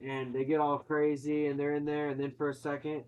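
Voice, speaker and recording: A man's voice: a little high, monotone, fairly quick, darkish tone, clean tone, rough recording. A man casually retelling a film's plot, swearing and acting out quotes, in a chatty movie-recap conversation.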